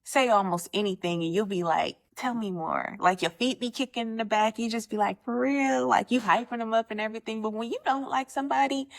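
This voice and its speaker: A young woman casually telling a story about her dating life, animated and slangy, acting out both sides of the conversations. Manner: animated, slangy, jumps pitch when quoting people.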